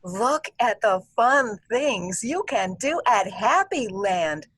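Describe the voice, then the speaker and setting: A woman's voice: medium pitch, sing-song, a bit bright, heavily acted. A woman reading the lines of an eager young boy in a recorded storybook. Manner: slow, clearly enunciated storybook reading.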